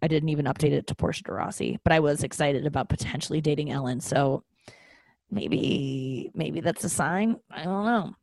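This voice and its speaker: A woman's voice: sits low, moderate pace, creaky, a little mellow, dry recording. A woman hosting a podcast, talking in a casual confessional way, rambling with many fillers and restarts, candid and self-mocking. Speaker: podcast host.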